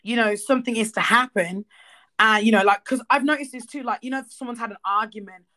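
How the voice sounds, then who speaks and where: A woman co-hosting a casual chat, emphatic and blunt, swearing freely and getting animated as she makes her point. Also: fairly high pitch, fast. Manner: animated, acts out quoted voices.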